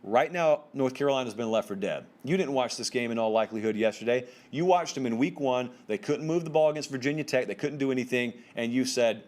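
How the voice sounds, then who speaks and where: A man hosting a solo college football commentary show, talking to viewers in an emphatic, conversational way with casual slang. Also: a little fast. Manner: emphatic, conversational, pitch swings up for stress; informal slang and direct address to viewers.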